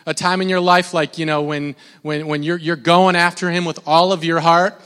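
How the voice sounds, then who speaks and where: Pastor, male, somewhat high voice, chatty sermon style, big reverberant hall. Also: little pitch movement, normal speed, clean tone. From Minnesota. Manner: conversational, repeats words, mimics shouting.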